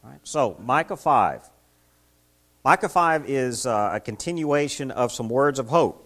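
Male preacher, middle-aged, animated pitch, conversational sermon, rhetorical questions. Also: unhurried. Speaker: pastor. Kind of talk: midweek sermon. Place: church service.

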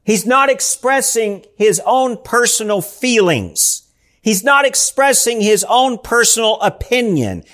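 A man's voice: very high-pitched, very animated, measured pace, a bit bright. A male pastor preaching a sermon in church, emphatic and asking the congregation rhetorical questions.

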